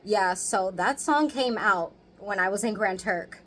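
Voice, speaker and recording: A woman's voice: mid-range voice, unhurried, fairly bright tone, rough recording. A woman in her thirties telling candid stories to camera in casual chat. She swears freely and laughs often. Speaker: vlogger.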